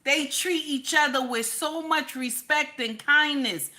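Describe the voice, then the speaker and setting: A woman's voice: sits high, measured pace, pushed and bright. A woman host ranting in casual commentary, blunt and profane, repeating her lines for emphasis.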